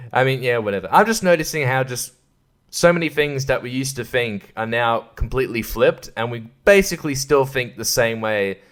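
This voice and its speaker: A man's voice: mid-range voice, animated, moderate pace, a bit bright. A man hosting his own podcast, rambling crudely in a casual solo rant and laughing often. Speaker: podcast host.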